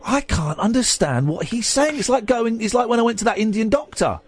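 A man hosting late-night talk radio, animated and teasing, often talking over his callers. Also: high-pitched, fairly quick, breathy edge, dry recording. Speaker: radio host. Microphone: studio microphone.

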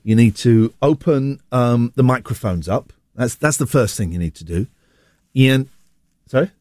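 A man's voice: medium pitch, unhurried, dark tone, dry recording. A man hosting a breakfast radio show, joking and teasing his co-host in playful studio banter. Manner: goofy, teasing, slips into silly voices. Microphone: studio microphone.

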